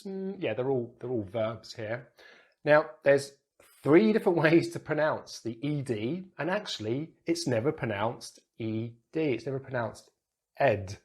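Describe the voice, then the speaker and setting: A British man teaches pronunciation into a close microphone. He repeats example words slowly, exaggerating each sound. His pitch sits in a middle range for a man. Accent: British English.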